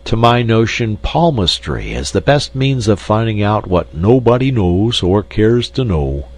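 A man voicing a sleepy male fortune-teller animal in a storybook reading, slow and deadpan. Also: on the low side, exaggerated voice. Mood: drowsy.

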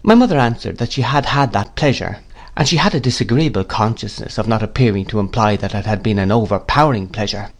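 A man narrating a classic novel in a measured, unhurried storytelling manner. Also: lowish voice, animated. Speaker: audiobook narrator.

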